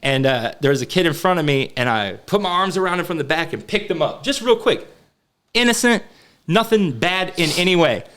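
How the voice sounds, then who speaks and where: A man's voice: a little high, fairly quick. A man in his thirties, a podcast co-host telling stories in casual chat, swearing freely and acting out what people said. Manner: animated, swears freely, acts out quotes.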